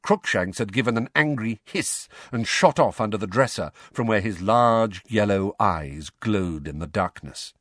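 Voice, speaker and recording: Expressive male storybook narrator. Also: lowish voice, unhurried, few pauses, no echo, studio quality. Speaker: audiobook narrator. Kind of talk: scripted narration.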